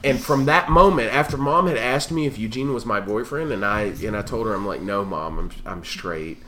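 A man's voice: mid-range voice, fairly quick, bright, forceful tone, slight background noise. A man telling a crude, profane story to friends, often laughing as he talks. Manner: profane, laughing through his own story. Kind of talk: casual storytelling among friends.

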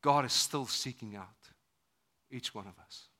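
A man preaching a sermon at a church service, moving between loud emphatic lines and hushed ones. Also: medium pitch, measured pace. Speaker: pastor.

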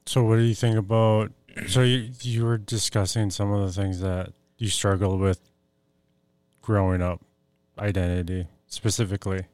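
A man hosting a podcast, asking long questions and sharing his own experience, often halting and rephrasing as he talks. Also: on the low side, little pitch movement, darkish tone, clear, resonant tone, no echo. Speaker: podcast host. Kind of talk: conversational interview questions.

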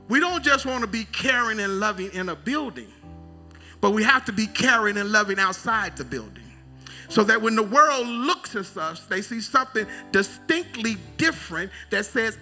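A middle-aged man preaching a sermon as a bishop, in call-and-response style, drawling key phrases slowly and building to loud emphatic cries. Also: high voice, sing-song, faint music behind. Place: church sanctuary.

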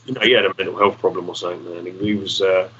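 A man's voice: low-pitched, fairly even intonation, very fast, pushed and bright, highs cut off, a little hiss or hum. A man, a musician guest rambling through stories, swearing casually and acting out the people in them. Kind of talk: casual storytelling.

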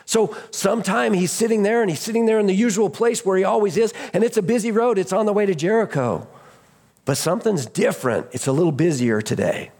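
Animated pastor telling stories, gravelly. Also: male voice, sits high, fairly quick. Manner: storytelling, acts out voices in the story; animated, shouts at peaks. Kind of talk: sermon.

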